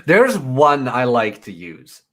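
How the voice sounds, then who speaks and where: A man's voice: medium pitch, wildly swooping pitch, slow, a bit bright. Dry-humored British-sounding man. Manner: dry, self-mocking humor. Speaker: guest, fellow video maker. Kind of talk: casual chat.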